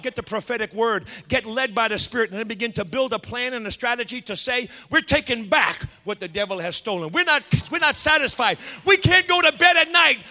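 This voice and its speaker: A man preaching a sermon as pastor, swinging between shouted passion and hushed intensity. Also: sits high, big-room sound.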